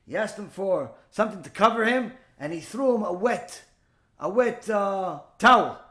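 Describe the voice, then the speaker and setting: A man, a rabbi, telling a story in a Torah lesson and acting out the dialogue with lively delivery. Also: high-pitched, moderate pace.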